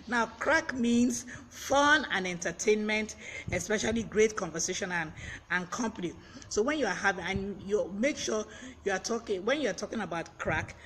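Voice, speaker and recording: A man hosts a live-streamed word lesson, his voice pitched high and bright. He is chatty and breaks off to greet viewers by name. A faint fan hums behind him. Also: moderate pace, slight background noise. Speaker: vocabulary teacher on a live stream. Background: fan blowing.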